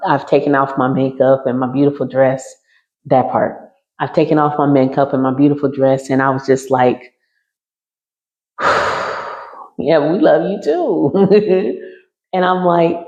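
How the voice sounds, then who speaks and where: A woman with a gravelly edge of fry in her voice tells a personal story to a class, looping back over her own phrases as she goes. She sounds roomy and a little muffled, as if caught in an echoing space on modest gear. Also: deep voice, darkish tone. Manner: repetitive, circling back on phrases while recounting. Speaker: healing class teacher.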